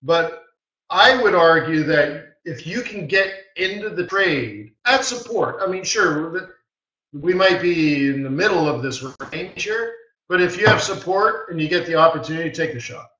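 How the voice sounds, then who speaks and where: Man, higher-pitched and forceful, blunt webinar teacher; roomy, distant, dull mic. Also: expressive, measured pace. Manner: emphatic, blunt, repeats short commands. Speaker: forex market strategist hosting a live webinar. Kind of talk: live trading webinar, unscripted teaching.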